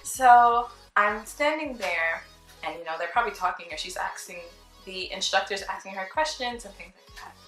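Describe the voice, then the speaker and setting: A young woman spins a casual storytime for her channel, chatty and lively, slipping into the voices of people she quotes. Her tone is bright and forward. The room around her sounds roomy, with faint music underneath. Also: mid-range voice, normal speed. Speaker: vlogger.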